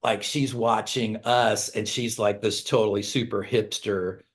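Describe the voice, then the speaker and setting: A man's voice: on the low side, unhurried. A middle-aged man, a rock singer, telling rambling stories in a casual interview, acting out quotes in raised voices and swearing freely. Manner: animated storyteller, acts out quotes in raised voices, laughs often. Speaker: songwriter and band singer, interview guest.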